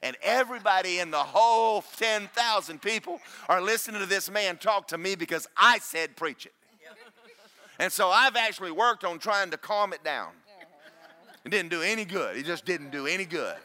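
A man preaching a sermon as pastor, loud and booming, with self-deprecating humor. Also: lively intonation, moderate pace. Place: church.

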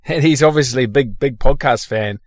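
A man's voice: mid-range voice, normal speed, no room sound. Blunt, sweary Australian man, dry sound. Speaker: podcast host. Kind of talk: casual podcast chat.

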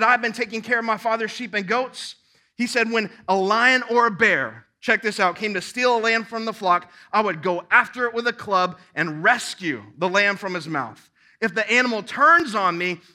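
A man's voice: sits high, bright, forceful tone. A man preaching a sermon, reading scripture aloud and breaking off to exhort his listeners with rising emphasis. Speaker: pastor.

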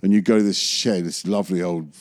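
A man's voice: sits low, steady tone, fast. A man, a magician, telling a rambling anecdote in an interview, often correcting himself and chuckling. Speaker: magician recalling film work.

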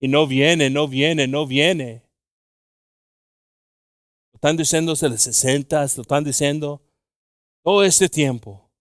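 A male preacher delivering a bilingual sermon, moving from quiet, halting, intimate talk to loud, slow, drawn-out scripture reading. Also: a little high, no echo, clean studio sound. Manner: halting, with frequent fillers and restarts.

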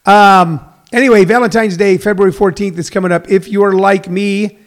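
Middle-aged guy hosting a comedy podcast, kinda high voice, rambles and corrects himself a lot. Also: steady tone, normal speed. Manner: rambling, self-correcting, lots of uh fillers. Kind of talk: casual solo radio-style show.

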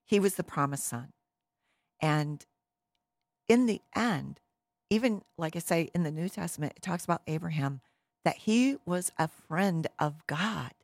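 A woman telling a Bible story in an animated, casual way, with many fillers. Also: fairly low pitch, a little slow, dry recording. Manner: lively, with many fillers and restarts.

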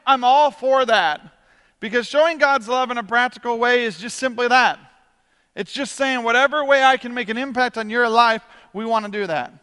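A male pastor preaches in a very high, bright and smooth voice, telling stories with energy and quick repeats. His voice rings out with a long reverb that fills a church hall. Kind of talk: sermon. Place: church stage.

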